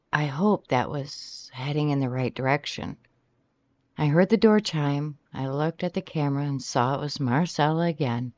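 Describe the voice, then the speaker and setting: An audiobook narrator reading a romance novel in the first person, animated and shifting pitch often from line to line. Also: dry recording. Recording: slightly dull, dry recording.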